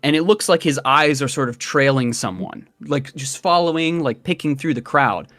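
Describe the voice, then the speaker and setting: A man narrating a tabletop game as dungeon master, describing scenes in a relaxed way with filler words. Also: a little high, normal speed, no room sound.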